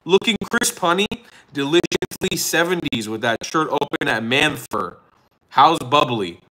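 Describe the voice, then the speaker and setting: A man hosting a casual livestream, talking loosely and loudly, hyping his chat and joking with swearing. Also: on the high side, lively intonation, measured pace, low-quality recording. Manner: loud, joking hype-man delivery with swearing. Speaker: livestream host. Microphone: phone hotspot livestream.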